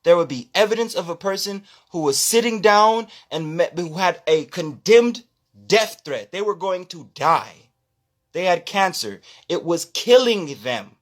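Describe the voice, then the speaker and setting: Loud, profane preaching man. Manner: loud, profane and preachy, swinging between shouting and low asides. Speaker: spirituality content creator. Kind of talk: impassioned live-stream rant.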